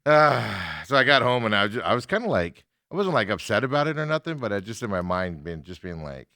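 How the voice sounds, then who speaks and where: A man's voice: on the low side, a little fast, no echo. Middle-aged guy hosting sports talk, laughs a lot, dry close studio sound. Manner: animated storyteller, laughs often. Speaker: sports radio host. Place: radio studio.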